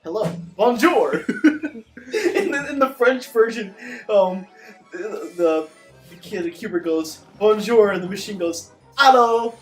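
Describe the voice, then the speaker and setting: Animated swearing man commentating. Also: sits high, a little slow, faint music behind. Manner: animated, swears, laughs often. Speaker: co-host of a cartoon commentary. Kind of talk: casual commentary chat.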